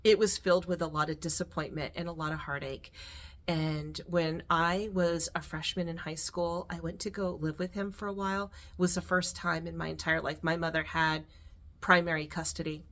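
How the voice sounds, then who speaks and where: A middle-aged woman shares a personal story on her vlog. She talks in a heartfelt, rambling way, with restarts and soft laughs. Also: on the low side, fairly even intonation, moderate pace. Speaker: vlogger.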